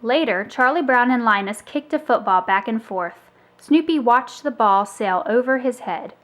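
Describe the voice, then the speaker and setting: A woman reading a children's book aloud as a storyteller, with expressive, animated delivery. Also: on the high side, measured pace.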